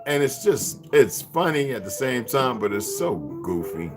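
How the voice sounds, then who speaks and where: A man's voice: mid-range voice, sing-song, measured pace, over music. A man live streaming from his home kitchen, casually chatting with viewers and muttering to himself as he cooks, with speech. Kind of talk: casual live-stream chat while cooking.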